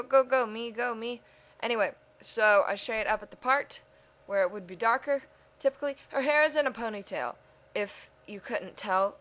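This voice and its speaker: Brief: chatty woman, rambling self-mocking voice-over for a drawing video, mid-pitched. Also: a bit bright. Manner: chatty, talks to herself. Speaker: video creator. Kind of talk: casual voice-over over a speed drawing.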